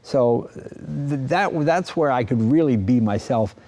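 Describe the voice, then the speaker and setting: Animated older man, mellow voice. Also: mid-range voice, measured pace. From East Coast of the US. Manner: animated storyteller, acts out quoted voices. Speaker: interview guest. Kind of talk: anecdotal interview talk.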